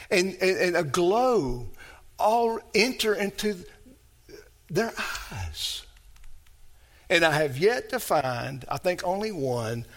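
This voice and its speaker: A man preaching a sermon as pastor, emphatic and repetitive, building his phrases up to shouts. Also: on the high side.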